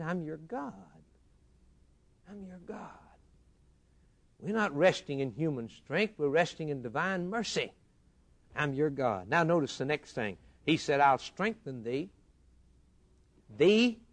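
Man preaching in a rising and falling cadence. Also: a little high. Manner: rhythmic preaching cadence with repeated lines, swinging between loud and hushed. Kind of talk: sermon.

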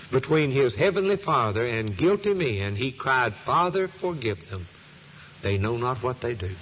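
A man preaching a sermon at an ordinary middle pitch, building his points through repetition and rising emphasis. A faint hiss of background noise sits under his voice. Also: low-quality recording. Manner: preaching with a swelling, emphatic cadence and repeated phrases.

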